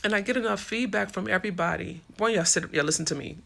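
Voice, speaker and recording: A woman's voice: medium pitch, fast talker, creaky, pushed and bright. A woman hosting a casual live stream, talking through comments with viewers in an impassioned, swearing, tired way.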